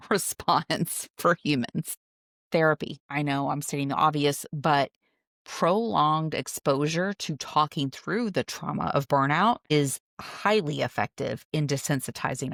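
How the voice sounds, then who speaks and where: A woman with a low voice hosts a solo podcast, recorded dry and close with no room sound. She talks in a relaxed, conversational way. She walks through her points with playful exaggeration. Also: a little slow, creaky, no room sound. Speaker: podcast host.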